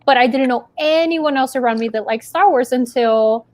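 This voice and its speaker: Chatty high-voiced young-sounding woman. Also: normal speed, no echo. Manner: chatty, many fillers and likes. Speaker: guest. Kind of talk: casual group chat.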